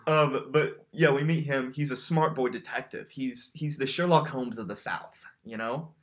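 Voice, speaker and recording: In a relaxed, joking podcast conversation, this male co-host speaks in a mid-range voice at a moderate pace. He laughs a lot and frequently trips over his words, saying them again as he goes.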